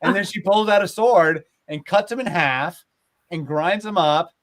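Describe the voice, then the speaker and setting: A man retelling old myths in a casual, animated way, with lots of filler words, as a podcast host. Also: high voice, unhurried. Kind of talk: casual storytelling chat.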